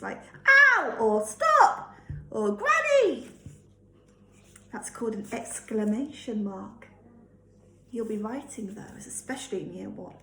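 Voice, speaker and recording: A woman, a teacher reading a storybook aloud to children, gently explaining and asking them questions. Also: fairly high pitch. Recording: echoey room.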